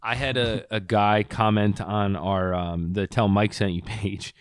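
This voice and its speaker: A man's voice: lowish voice, fairly even intonation, unhurried, clear, resonant tone, no echo, clean studio sound. A man co-hosting a podcast in casual chat, laid-back and easily amused. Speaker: podcast co-host.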